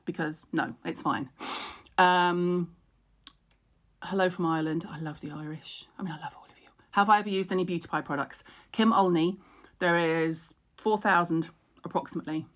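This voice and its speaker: Frank, chatty middle-aged woman, lowish voice. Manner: chatty, frank and self-mocking, laughs a lot; reads out and answers viewer comments. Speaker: skincare expert hosting a live stream. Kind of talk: casual live-stream chat.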